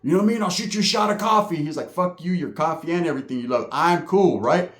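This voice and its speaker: A man's voice: on the high side, fast talker, roomy sound. A man from California telling a prison story in casual street slang, full of profanity and "right?" asides. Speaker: storyteller recounting prison life.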